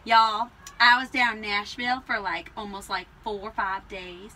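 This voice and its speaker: A woman co-hosting a casual farm podcast, chatty and quick to laugh while telling stories. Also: mid-range voice, steady tone, bright, forceful tone, slight background noise, rough recording. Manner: chatty, laughs often, storytelling. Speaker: podcast co-host, alpaca farmer. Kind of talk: casual chat.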